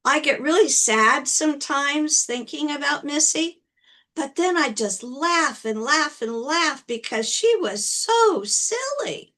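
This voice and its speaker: A woman putting on a bright, eager little girl of about nine who stumbles over her words in her rush to talk. Her voice sits high, and she keeps her earnest, childlike enthusiasm. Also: animated, slow, exaggerated voice. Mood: wistful.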